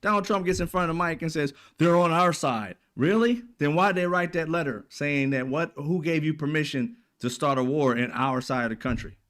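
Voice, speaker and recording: A man hosting a casual political commentary, talking bluntly with profanity and animated asides, often acting out what other people might say. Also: on the high side, moderate pace, hardly any pauses. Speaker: commentary channel host.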